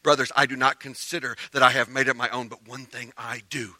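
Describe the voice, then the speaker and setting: A man preaching a sermon as pastor, telling a story with animated emphasis that drops to quiet earnestness. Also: mid-range voice, brisk, few pauses, no room sound.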